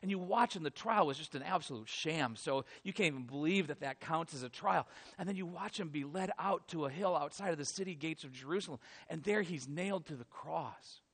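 A man preaching a sermon, retelling a story in a dramatic style that swings from hushed to loud. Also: a little high, brisk, few pauses, husky. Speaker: pastor.

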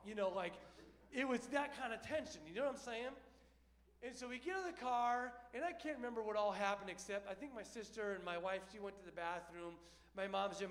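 Man with a high voice, animated storyteller, hall echo behind him. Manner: lively, conversational, often checks in with the listener. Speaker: storyteller speaking to an audience.

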